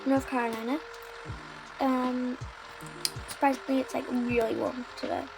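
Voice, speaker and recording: High-voiced British woman rambling over loud music. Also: little pitch movement, a little slow, vocal fry, low-quality recording. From United Kingdom. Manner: rambling, many "like" and "um" fillers. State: sore throat. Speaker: roleplay gamer. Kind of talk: casual game roleplay narration.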